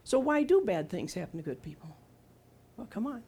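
Mid-range, mellow and husky, this sixty-something woman's voice has a sing-song lilt and moves at a moderate pace. Her sermon takes the form of a conversational testimony in which she questions the congregation and performs quoted speech from herself and from God.

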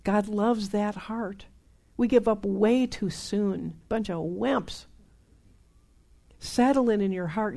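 Mellow-voiced older woman preaching. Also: medium pitch. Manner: conversational, emphatic, repeats herself for stress. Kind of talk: sermon.

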